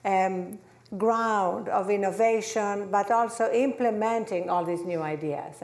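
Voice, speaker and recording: A woman's voice: medium pitch, a little mellow. A woman from Greece with a Greek accent, giving a gracious, conversational public talk as the featured guest in a lecture hall.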